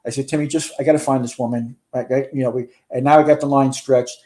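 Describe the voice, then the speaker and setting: A man in his sixties, once a fire chief, tells a long, earnest story about fighting a fire, in close detail. His voice is warm and mellow, sitting at an ordinary middle pitch. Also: fairly even intonation, fast. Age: 60s. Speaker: guest, retired fire chief. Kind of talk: recounting a firefight in a podcast interview.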